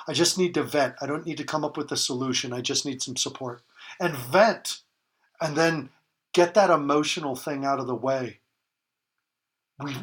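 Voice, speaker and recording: This fifty-something man, appearing as a podcast guest, has a slightly high voice with a fairly bright tone. He offers parenting advice conversationally but emphatically, repeating important phrases to drive them home.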